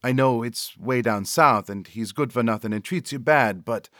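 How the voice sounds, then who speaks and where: A man's voice: medium pitch, moderate pace, fairly bright tone, dry recording, clean studio sound, lightly acted. A man voicing an earnest, worried young woman. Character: worried young woman cousin, a caring mother.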